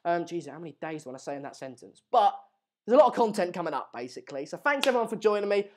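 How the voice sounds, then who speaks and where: A woman hosting a casual live football transfer stream, talking in excitable, rambling banter full of asides. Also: fairly low pitch, racing, slight background noise. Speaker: host of a live transfer news show.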